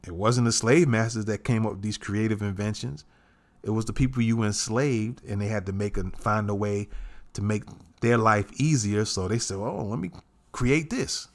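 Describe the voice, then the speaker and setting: A man's voice: lowish voice, fairly even intonation, normal speed. A man hosting a podcast, talking casually and setting up a clip. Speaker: podcast host.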